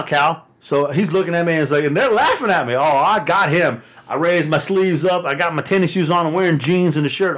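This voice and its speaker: A man telling a rambling, profane story in a casual chat, laughing often and getting animated. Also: on the high side.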